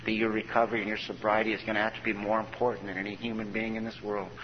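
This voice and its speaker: Speaking very fast in a lowish voice with flat delivery, a folksy man recounts his recovery on a conference stage, frequently performing the words other people said to him. The recording comes from a dull, echoey hall.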